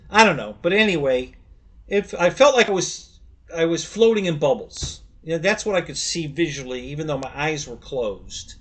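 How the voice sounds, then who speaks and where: Middle-aged male stream host, slightly high pitch, halting and rambling, chuckles often. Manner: rambling, halting storyteller with many restarts; laughs easily while telling stories. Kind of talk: casual live-stream chat.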